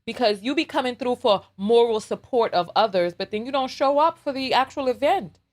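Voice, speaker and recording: A woman's voice: on the high side, lively intonation, fairly quick, darkish tone. A woman hosting a casual live stream while doing her makeup, teasing viewers in a playful, dramatic way.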